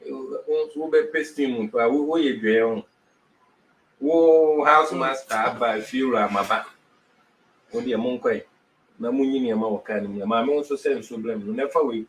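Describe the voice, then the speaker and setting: A man acting in a comedy skit, loudly scolding a house help in a bossy way. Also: medium pitch, normal speed, recorded from a distance, a little hiss or hum, low-quality recording.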